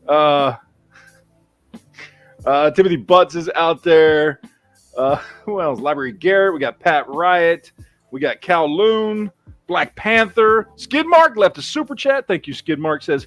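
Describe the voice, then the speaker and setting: A middle-aged Texan man hosts a casual livestream with soft music in the background. His fairly high voice is expressive, a bit bright and unhurried, and he rambles and swears while reading viewer names from chat aloud.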